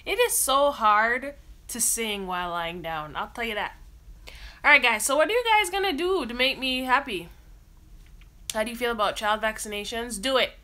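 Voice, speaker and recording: A woman's voice: fairly high pitch, lively intonation, moderate pace, sharp tone. A woman hosting a casual livestream, lying down at home, reading viewer comments aloud and answering them in a chatty way. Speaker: livestream host.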